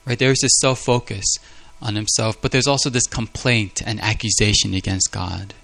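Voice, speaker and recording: Gravelly-voiced man preaching earnestly. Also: fairly low pitch, steady tone, normal speed, fairly bright tone. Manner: earnest, confessional, with frequent repeated words. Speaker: pastor. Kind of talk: sermon.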